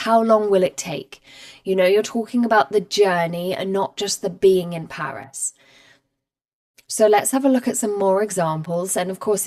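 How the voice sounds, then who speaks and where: Woman teaching english live on camera, calm clear explaining, mid-pitched. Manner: clear, patient explaining with example sentences. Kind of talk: live online grammar lesson. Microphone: camera mic.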